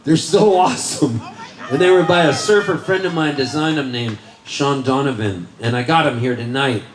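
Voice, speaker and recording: A man's voice: medium pitch, normal speed. A man performing live on stage, chatting with the crowd between songs in a goofy, rambling, self-mocking way, often laughing. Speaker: singer-songwriter performing live. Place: winery concert venue, live audience. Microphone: stage vocal microphone. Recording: roomy live concert with guitar.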